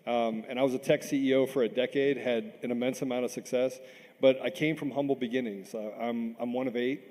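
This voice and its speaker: A man's voice: mid-range voice, fairly even intonation, a little fast, a little mellow. A middle-aged man from Washington, D.C. speaking as a panel guest, earnest and impassioned, often repeating words as he gets stirred up. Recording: long reverb in a big hall.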